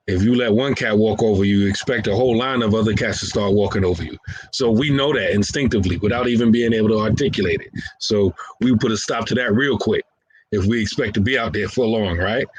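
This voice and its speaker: A man's voice: on the low side, slight background noise, rough recording. A man, talking casually and playfully while acting out everyday scenarios and chuckling at his own lines.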